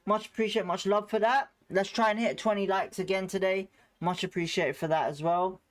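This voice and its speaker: The live football watchalong host talks briskly in a slightly high voice, running excitable commentary and reacting loudly when chances come. Between plays he offers casual, friendly greetings to the chat.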